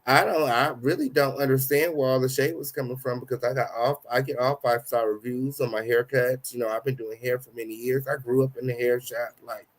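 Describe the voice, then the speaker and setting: A man's voice: mid-range voice, fairly even intonation, brisk, few pauses. Slangy man hosting a gossip chat. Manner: dramatic exclamations, slangy, chatty. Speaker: host.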